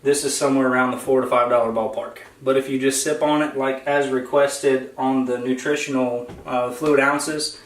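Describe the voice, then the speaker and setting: A man co-hosting a casual grocery haul vlog, talking in a relaxed, rambling way with lots of fillers. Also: mid-range voice, normal speed, few pauses. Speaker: vlog co-host. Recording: roomy echo, faint noise.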